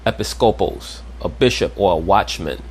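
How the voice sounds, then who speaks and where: A man's voice: low-pitched, moderate pace, slight background noise. A man giving a lecturing commentary, didactic and checking in with his listeners. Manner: didactic, repeats "you understand?".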